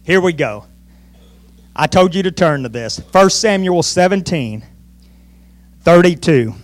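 A man preaching to his church, his voice pitched high and swinging wildly as he tells the story. He acts out the voices with energy. The sound is dry and close. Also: no echo. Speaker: pastor. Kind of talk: sermon.

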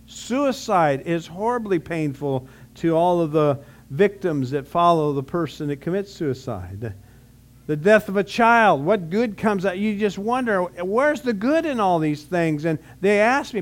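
A man preaches to his congregation, his voice sitting high for a man. He talks in a relaxed, conversational way, asking rhetorical questions and often restarting his phrases. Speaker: pastor. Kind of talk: sermon.

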